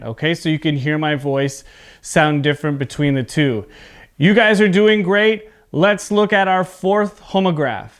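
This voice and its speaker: Slow, clear-spoken man teaching English. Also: fairly high pitch. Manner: carefully enunciated, repeats words for students. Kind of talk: slow, clear pronunciation lesson. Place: home recording for video.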